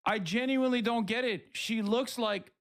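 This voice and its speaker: A man's voice: very high voice, normal speed. A man streaming live, reacting to news clips with sarcastic, mocking commentary. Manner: sarcastic, animated, mocking asides.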